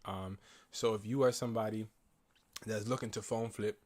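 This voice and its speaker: A man who is sick, talking slowly and quietly while trying not to cough, coaching viewers on phone flipping in a casual talk to the camera. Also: on the low side, steady tone. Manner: talks slowly and quietly, grows louder and heated.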